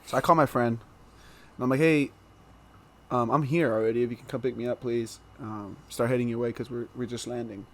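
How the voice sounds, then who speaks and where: Animated young man telling stories. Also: medium pitch, a little fast. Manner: animated storyteller, laughs through the funny parts. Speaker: podcast guest. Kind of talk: casual storytelling chat.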